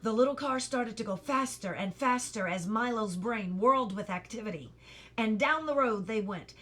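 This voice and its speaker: A woman reading a children's novel aloud, putting on lively voices for the characters and pausing to correct her slips. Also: on the high side. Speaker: reader.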